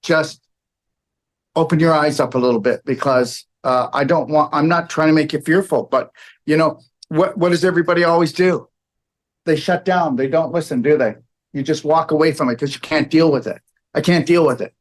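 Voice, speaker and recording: Lecturing to a live audience in a room, this man has a fairly high voice for a man, a steady tone and a moderate pace. He rambles, pushes his points hard, and keeps adding "okay" and "all right."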